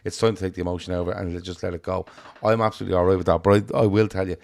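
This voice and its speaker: A man's voice: low voice, steady tone, racing, gravelly, darkish tone, no echo. A man co-hosting a football podcast in casual, jokey chat, laughing at his own stories. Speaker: podcast co-host.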